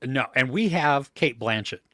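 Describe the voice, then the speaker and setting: A man co-hosting a live movie chat, blunt and animated when he dislikes a film. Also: mid-range voice, moderate pace, no room sound, studio quality. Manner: blunt, animated when ranting about films. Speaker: movie podcast co-host.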